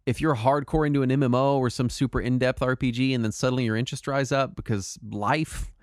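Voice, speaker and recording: A man's voice: medium pitch, steady tone, fast, dry recording, studio quality. A man co-hosting a casual podcast, talking animatedly and emphatically, often restarting his sentences and swearing for emphasis. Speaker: podcast co-host.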